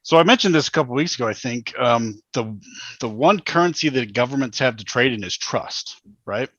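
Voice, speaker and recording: A man's voice: mid-range voice, animated, a little fast, a bit bright, no room sound, highs cut off. A man in his thirties co-hosting a podcast, chatting casually and telling stories bluntly, with restarts. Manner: blunt, storytelling, rambling with restarts. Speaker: podcast co-host. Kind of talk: casual chat.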